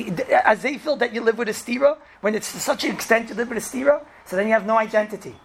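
A man with teaching a class as a rabbi, telling stories in a lively way and often asking "right?". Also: high-pitched, creaky, a little hiss or hum. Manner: animated, acts out characters, frequent "right?" and "you know". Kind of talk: storytelling Torah class.

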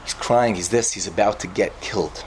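A man giving an informal sermon, telling a parable in an animated storytelling manner and mixing in Hebrew and Yiddish words. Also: lowish voice, moderate pace, slight background noise, poor audio. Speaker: yeshiva speaker.

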